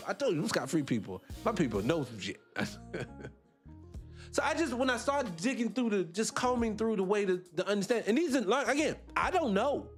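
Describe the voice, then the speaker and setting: A man hosting a live show, talking in a rambling, blunt and profane casual monologue. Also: a little high. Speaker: host.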